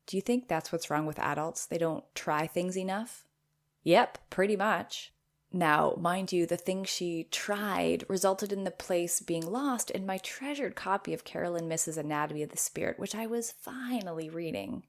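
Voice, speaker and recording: Woman podcast host, low gravelly voice, playful, animated, reading her own blog post with asides. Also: unhurried.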